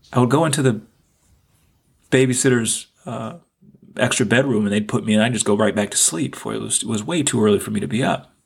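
A man's voice: on the low side, creaky, husky. A man hosting a podcast, telling a personal story in an earnest, reflective way and repeating phrases for emphasis. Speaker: podcast host.

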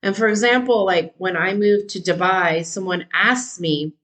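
A woman's voice: medium pitch, moderate pace, fairly bright tone, rough recording. A woman from California, a teacher hosting a solo podcast, talking casually and thinking aloud with frequent ums and rhetorical questions.

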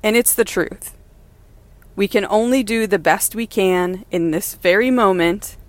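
A woman's voice: mid-range voice, measured pace, dry recording. Mom podcast host talking from her car. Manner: candid, encouraging, laughs now and then. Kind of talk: casual personal monologue. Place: in a car while driving.

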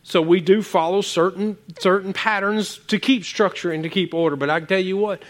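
Guy preaching, kinda high voice, gets loud then drops quiet, repeats himself a lot. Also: a little fast. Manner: animated, rambling, repeats words, swings from loud to quiet. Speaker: pastor. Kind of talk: sermon.

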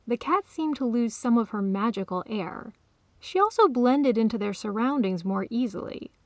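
Woman author narrating a story, calm, slightly high voice, gravelly fry. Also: dry recording.

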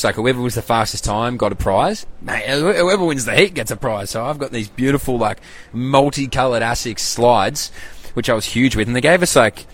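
A man's voice: on the low side, a bit bright. A young Australian man hosting a casual solo podcast recap, loose and rambling, full of slang and swearing. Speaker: podcast host.

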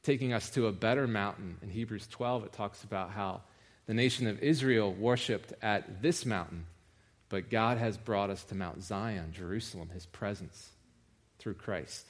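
A man preaching a sermon in a conversational way, rising in pitch and force for emphasis. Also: moderate pace.

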